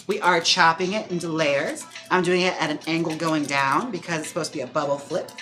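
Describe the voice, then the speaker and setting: A man hosting a livestream in casual chat, talking with lots of fillers and quick laughs. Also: a little high, bright, forceful tone, faint music behind. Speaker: live-stream host. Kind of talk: casual chat during a wig-styling livestream.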